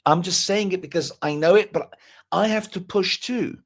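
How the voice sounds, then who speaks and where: A man's voice: sits high, moderate pace. A man talking in a live stream conversation, earnest and motivational, often repeating words as he builds up. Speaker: guest speaker.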